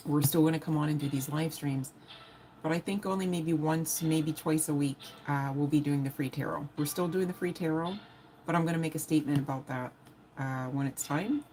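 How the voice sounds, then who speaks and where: A woman's voice: low-pitched, dark tone, slight background noise, low-quality recording. A woman giving a casual live-stream tarot reading. She is chatty and blunt, swears often, and laughs as she talks straight to her viewers. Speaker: tarot reader.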